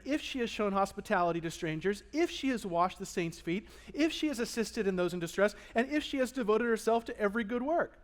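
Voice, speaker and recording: A male pastor with a notably high voice delivers a sermon in a church. He preaches with animated energy, rising to loud emphatic peaks and dropping to hushed, earnest asides. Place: church sanctuary.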